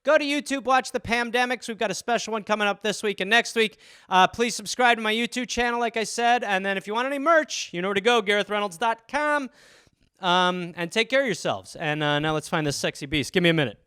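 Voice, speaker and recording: A man's voice: high-pitched, fairly quick, pushed and bright, smooth, no room sound, studio quality. A comedian hosting his podcast solo, rambling loosely with plenty of swearing. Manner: loose, profane, rambling with fillers. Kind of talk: casual solo riffing.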